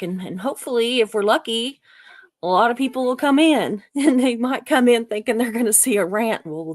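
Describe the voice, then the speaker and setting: A woman's voice: medium pitch, no echo, clean studio sound. A woman, probably in her fifties, hosting a casual live stream, chatting and rambling with viewers and laughing often.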